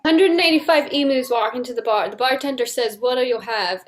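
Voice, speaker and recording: A woman improv player telling a quick playful joke in an online match. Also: on the high side.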